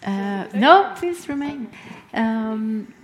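A woman moderating a discussion, speaking deliberately and laughing readily. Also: on the high side, animated, a little hiss or hum.

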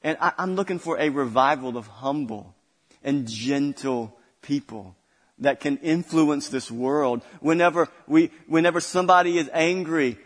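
Man preaching in a reverberant hall. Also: on the high side. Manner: preaching with rising intensity and repetition. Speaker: pastor. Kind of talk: sermon.

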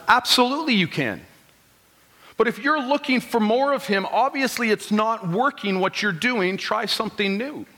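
A man's voice: sits high, expressive, moderate pace, sharp tone. A man in his thirties preaching a conversational sermon in a church, with rhetorical questions and quoted lines of his congregation. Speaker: pastor. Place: church sanctuary. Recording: long hall reverb.

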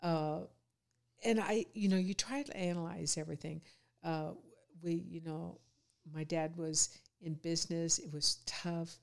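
A woman in her fifties, a podcast guest, talking reflectively in a casual conversation and often pausing with fillers. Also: fairly low pitch, fairly even intonation, gravelly. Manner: reflective, many fillers and restarts.

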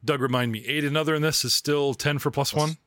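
A man's voice: on the high side, steady tone, fast talker, fairly bright tone, no room sound, clean studio sound. A man hosting a podcast as game master, describing scenes in a chatty, rambling way. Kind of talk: running a tabletop game.

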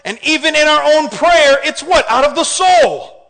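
A man preaching a sermon in an animated way, often asking the congregation questions. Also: very high voice, normal speed. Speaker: pastor. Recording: hall reverb.

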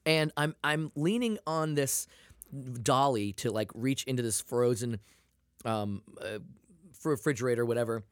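A man with a mid-range voice talks at a normal speed, recorded in studio quality with no room sound. He co-hosts a podcast, chatting casually and swearing a lot as an animated, profane storyteller.

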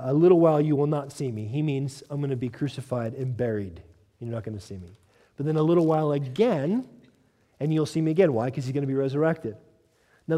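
Animated pastor preaching in a reverberant hall. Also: male voice, medium pitch. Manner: animated preaching, acting out quotes, laughs. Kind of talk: sermon. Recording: long reverb of a large hall.

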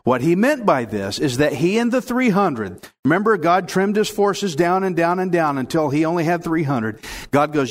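A man preaching a Bible lesson. His voice sits a bit high for a man. He talks in an earnest, chatty way, with restarts and little acted-out quotes. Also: expressive, moderate pace. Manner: drops low and soft in prayer. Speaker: pastor teaching the Bible. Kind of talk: sermon with prayer and Bible reading.

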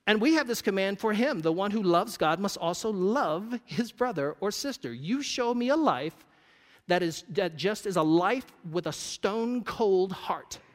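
A man's voice: high-pitched, expressive, measured pace. A man preaching a sermon, conversational and joking with the congregation. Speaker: pastor. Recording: long reverb of a church hall.

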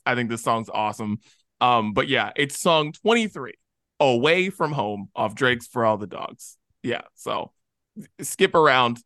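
A man co-hosting a casual podcast, talking animatedly and acting out imagined people in quick asides. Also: mid-range voice, sharp tone, clean tone, dry recording, clean studio sound. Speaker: podcast co-host.

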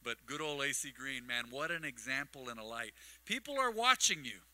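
Bright-voiced storytelling pastor. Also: male voice, medium pitch, animated, normal speed, rough recording. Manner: storytelling with acted-out dialogue and asides. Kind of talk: sermon. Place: church sanctuary. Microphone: microphone on a livestream.

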